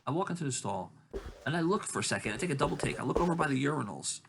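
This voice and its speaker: Rambling storyteller man, lively pitch. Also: racing, creaky, background noise. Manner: rambling, acts out quotes in high voices. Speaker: podcast host. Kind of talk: casual chat, storytelling.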